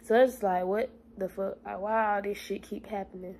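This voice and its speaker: A woman's voice: mid-range voice, steady tone, normal speed, hardly any pauses, heavy background noise. A young woman vlogging in a casual, blunt and profane way, talking straight to her viewers. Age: young adult. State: stressed, near tears. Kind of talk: casual vlog chat.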